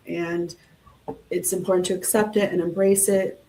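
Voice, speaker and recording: A woman's voice: fairly low pitch, little pitch movement, normal speed, warm tone, slight background noise, poor audio. A woman co-hosting a live talk show, reflective and affirming as she shares her thoughts. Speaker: show co-host.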